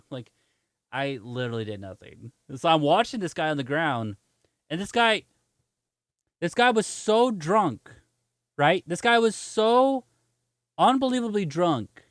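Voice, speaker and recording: A man's voice: fairly high pitch, sing-song, a little slow, pauses often, a bit bright, dry recording, clean studio sound. A man streaming games, chatting casually and telling a story with lots of laughter while answering viewer chat. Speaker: gaming streamer.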